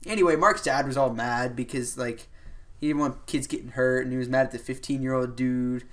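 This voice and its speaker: A young man on a casual podcast, spinning a story in a loose, rambling way. His voice sits at an ordinary middle pitch, and he keeps stringing thoughts together with "like" and "you know." It is relaxed, unscripted chat. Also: fairly quick. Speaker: podcast host.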